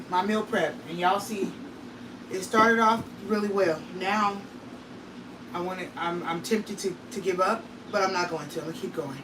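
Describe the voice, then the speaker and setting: A woman's voice: on the low side, distant mic, background noise. A woman vlogging casually from her home kitchen, talking straight to her viewers in a tired, emotional way. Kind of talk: casual vlog talk to viewers.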